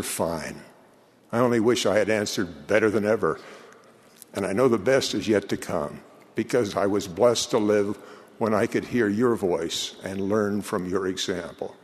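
An older man, a church leader, delivering an earnest, measured eulogy sermon in a large hall. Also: fairly low pitch.

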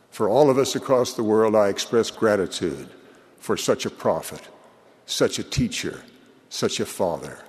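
Older male church speaker, lowish voice, measured and earnest, recorded in a reverberant hall. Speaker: church leader giving a eulogy. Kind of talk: sermon.

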